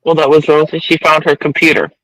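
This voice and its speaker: A woman co-hosting a casual livestream, chiming in with short, relaxed greetings to viewers. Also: low-pitched, quick pace, dry recording, low-quality recording. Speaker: co-host. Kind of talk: casual live chat.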